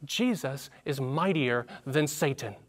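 A man's voice: medium pitch, expressive, takes it slowly. A man teaching a Bible lesson on a church panel, reading scripture and explaining it in a conversational way with light humor and questions to the audience.

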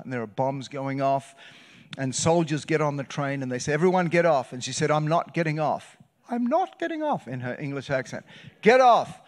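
A man preaching a sermon as a guest pastor, telling a story with loud bursts and hushed, quiet passages. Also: mid-range voice. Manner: animated, shifts between loud bursts and hushed retelling. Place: church sanctuary.

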